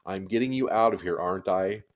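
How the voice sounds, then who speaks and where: A man's voice: low-pitched, brisk, dull audio, natural voice. A man voicing a big schoolboy on traffic duty who talks crossly and grudgingly. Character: grumpy schoolboy traffic patrol, big and reluctant.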